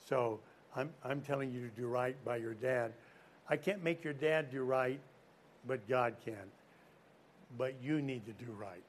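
A man preaching a sermon to young people, telling a story and asking the crowd questions, swinging from loud emphasis to quiet. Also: medium pitch, a little hiss or hum.

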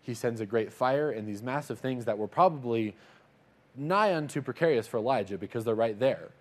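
A man's voice: medium pitch, animated, normal speed. A man telling a Bible story in a casual, conversational way, slipping into little acted-out voices for the characters. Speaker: Bible teacher.

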